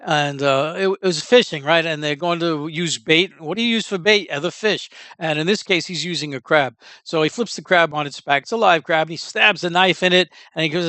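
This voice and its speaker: A man talks through a casual opinion monologue in a fairly high voice, wandering from point to point with blunt, offhand remarks. The sound is dry and close, with no room around it. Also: brisk, few pauses, bright, forceful tone, clear, resonant tone, no room sound. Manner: rambling, digressive, blunt. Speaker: commentator.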